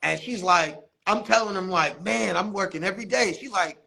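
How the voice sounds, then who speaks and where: A man, a barber and basketball coach, telling animated stories in a casual interview, acting out quotes. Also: high voice, unhurried, gravelly, husky. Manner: animated storytelling, laughs often, acts out quotes.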